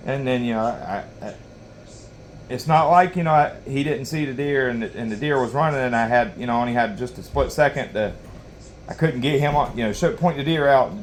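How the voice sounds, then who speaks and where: A man's voice: mid-range voice, a little fast, a little hiss or hum. Rambling man telling a hunting story. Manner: rambling, folksy, lots of you-knows and restarts. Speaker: knife sharpening channel host. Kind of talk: casual storytelling while sharpening.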